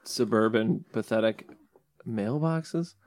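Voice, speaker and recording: A man's voice: lowish voice, slow pace, darkish tone, no room sound. A young man in casual podcast chat, tossing off wry jokes. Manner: wry, joking asides. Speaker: podcast co-host.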